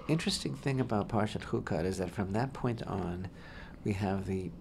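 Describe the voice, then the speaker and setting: A man's voice: low voice, normal speed, creaky, background noise. A man co-hosting a Torah discussion on talk radio, speaking expansively and emphatically and often repeating his phrases. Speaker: rabbi co-host.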